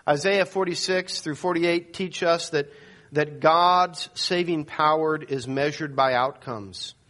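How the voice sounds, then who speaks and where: A man's voice: takes it slowly, a bit bright. A male pastor preaching a sermon, telling a dramatic story and acting out the quoted people. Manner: storytelling, voices quoted people with rising pitch.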